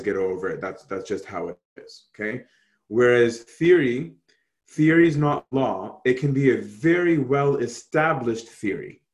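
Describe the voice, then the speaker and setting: A man teaching an Orthodox Christian class over a video call, talking casually and asking many rhetorical questions. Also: on the low side.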